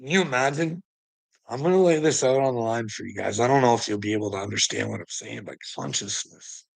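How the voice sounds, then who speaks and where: Gravelly, husky-voiced man preaching at his chat. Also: medium pitch, fast talker, no echo, poor audio. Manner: profane, preachy, rambling, chuckles often. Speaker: livestreamer talking to chat. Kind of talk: rambling livestream monologue.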